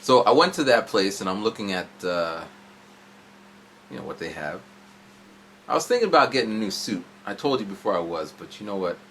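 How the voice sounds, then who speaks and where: A man's voice: lowish voice, very animated, a little fast, long pauses, a bit bright, a little hiss or hum. A man in his forties telling a long, rambling story in a casual vlog from home, jumping around as he goes. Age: 40s. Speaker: vlogger. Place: at home indoors.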